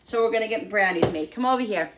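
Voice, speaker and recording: A woman talking casually to the camera in her home kitchen, chatty and quick to vent when annoyed. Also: mid-range voice, noisy background. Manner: chatty, animated, prone to exasperated venting. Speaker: home cooking vlogger.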